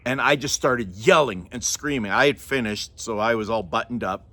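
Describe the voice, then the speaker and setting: A middle-aged man spins a casual personal story for his viewers, rambling from one aside to the next. He keeps cracking himself up and apologizing. His pitch sits at an ordinary middle for a man. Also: moderate pace, pushed and bright, slight background noise. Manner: rambling, chatty, breaks into laughter and apologizes. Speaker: vlogger telling a personal story.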